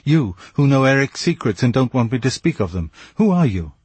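Impatient young nobleman with clipped replies and a husky tone, read by a man. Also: mid-range voice, lively intonation, brisk, dry recording. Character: impatient young male nobleman, anxious and hasty.

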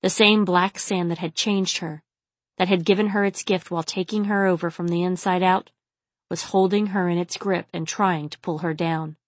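A woman narrating a novel in a steady, intimate storytelling manner. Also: fairly low pitch, moderate pace, no echo. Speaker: audiobook narrator. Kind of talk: scripted audiobook narration.

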